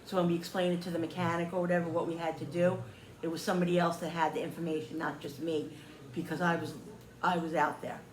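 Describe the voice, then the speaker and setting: A woman vlogger casually retelling a frustrating phone call, animated and heated, quoting both sides. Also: on the low side, quick pace, roomy sound, slight background noise. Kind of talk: casual storytelling to camera.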